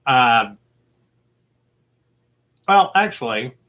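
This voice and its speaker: A man hosts a relaxed movie-quote game with a bright, ringing voice. He rambles along easily, padding his sentences with fillers and little chuckles. His tone stays informal and friendly throughout. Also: medium pitch, drawn-out words. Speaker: game show host. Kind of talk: casual chat.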